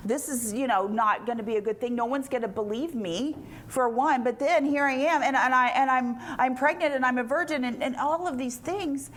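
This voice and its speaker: A woman's voice: high-pitched, moderate pace, few pauses, natural voice. A woman voicing Mary, a startled, anxious teenage girl, rambling in a flustered way.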